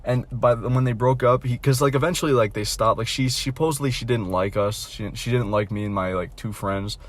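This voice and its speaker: A young adult male vlogger with a mid-range voice talks fairly quickly through a casual storytime rant. He's blunt and mocking, rambling with plenty of fillers, restarts, and frequent swearing.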